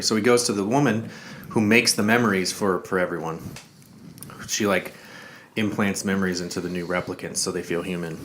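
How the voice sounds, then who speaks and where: A man's voice: low-pitched, fairly even intonation, a little fast, fairly bright tone, slight background noise. A man co-hosting a casual movie review podcast, retelling the plot loosely with fillers and quoted asides. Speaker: podcast co-host.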